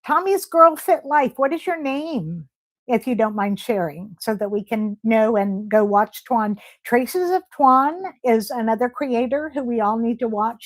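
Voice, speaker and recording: A woman hosting a casual live stream, reading viewer comments aloud and answering them with gushing, emotional praise. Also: medium pitch. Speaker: livestream host.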